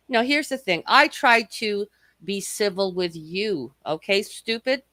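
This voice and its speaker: A woman hosting a live stream tears into someone with a fierce, profane, mocking rant. Her voice is bright and cutting. The sound is close and dry, with no room around it. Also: mid-range voice, animated, unhurried, no room sound. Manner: angry, cursing, mocking. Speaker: livestream host.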